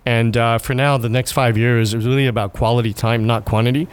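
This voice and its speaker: A man in his thirties, a guest in an interview, talking earnestly and haltingly, with frequent laughs and restarts. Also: medium pitch, fairly even intonation, clean tone. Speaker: guest, restaurant owner and father. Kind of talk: conversational interview.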